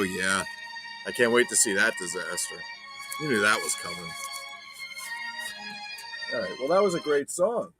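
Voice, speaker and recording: A man's voice: mid-range voice, pushed and bright. A man hosting a casual collector vlog, chatting about his finds in a profane, enthusiastic, rambling way. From not Ireland. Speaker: collector vlogger. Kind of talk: casual unboxing chat.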